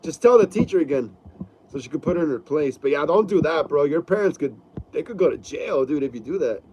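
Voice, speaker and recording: A man's voice: on the high side, expressive, a little fast, noisy background. A man hosting a casual live stream who rambles, repeats words and reads chat messages aloud. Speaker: host.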